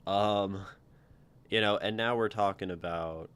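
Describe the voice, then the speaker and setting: A man's voice: fairly low pitch, measured pace, fairly bright tone, smooth. A man hosting a livestream, reading viewers' writing aloud and critiquing it in a rambling way full of ums and restarts.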